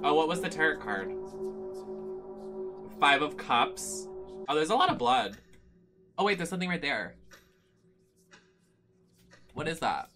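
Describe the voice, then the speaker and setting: A streamer giving loud, profane, joking running commentary on a live horror game stream, with sudden squeals when startled. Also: medium pitch, sing-song, a little slow, long pauses, music in the background. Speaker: streamer playing horror games.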